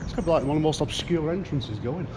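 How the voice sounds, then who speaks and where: A man's voice: a little high, lively intonation, quick pace. Vlogger: British man, upbeat and chatty, filming on the street with city noise around. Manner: chatty, self-mocking asides. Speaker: travel vlogger. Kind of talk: casual walking vlog.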